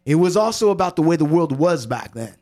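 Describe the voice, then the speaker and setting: High-voiced man hosting a podcast. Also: sing-song, brisk, a little mellow. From United States. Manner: jokey interjections, then earnest explaining. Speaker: podcast host. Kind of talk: casual podcast talk.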